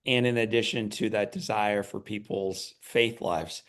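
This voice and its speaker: A man's voice: fairly low pitch, fairly even intonation, measured pace, a bit bright. A man hosting a podcast interview, enthusiastic as he asks his guests questions. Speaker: podcast host.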